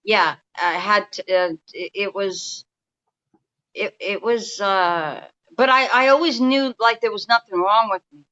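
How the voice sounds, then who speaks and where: Bright-voiced New woman in her fifties. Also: mid-range voice, unhurried, muffled recording. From New York. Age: 50s. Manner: rambling, restarts often, speaks in a confiding way. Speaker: guest energy healer. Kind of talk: casual storytelling interview. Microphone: remote call.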